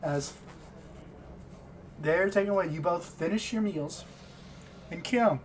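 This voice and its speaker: Slow halting game master man. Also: high voice, a little hiss or hum. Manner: halting, restarts often, slow narration. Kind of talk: narrating a tabletop game.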